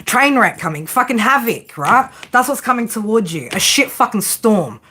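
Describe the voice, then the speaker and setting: A woman's voice: a little high, sing-song, normal speed, sharp tone, breathy edge. Blunt, sweary Australian woman. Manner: blunt, heavy swearing, sarcastic; keeps tagging lines with "right?". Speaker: tarot reader. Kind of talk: live tarot reading, casual chat.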